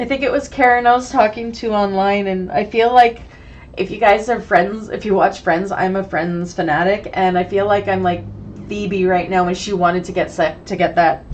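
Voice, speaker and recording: A sewing teacher with a head cold leads a live online class, her voice raspy, hoarse and sniffly. She chats casually at a middling pitch and keeps greeting viewers by name. Faint noise sits underneath. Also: fairly even intonation, moderate pace, muffled recording. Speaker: bag-making sewing instructor.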